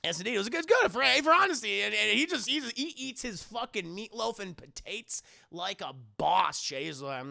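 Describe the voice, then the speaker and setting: A man recapping a TV episode on a live stream in a casual, animated, profane way, often addressing his chat. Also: sits high, fairly quick, creaky, dry recording, clean studio sound. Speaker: streamer and TV reviewer.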